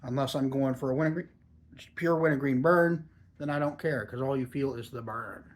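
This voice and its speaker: A man's voice: medium pitch, brisk. A man in his forties talking in a chatty, rambling, easygoing way while reviewing a product for a casual vlog.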